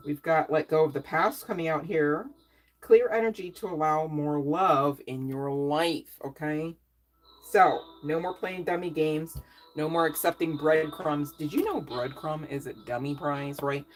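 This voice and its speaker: A woman's voice: low voice, unhurried, rough recording. A woman reading tarot cards in a casual, chatty way, with playful asides and frequent "okay?" check-ins. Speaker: tarot reader.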